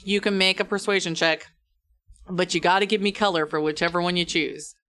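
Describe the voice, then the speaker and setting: Brief: playful tabletop game master, mid pitch, jokes with the table. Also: steady tone, brisk, bright, forceful tone. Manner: teasing, laughs often.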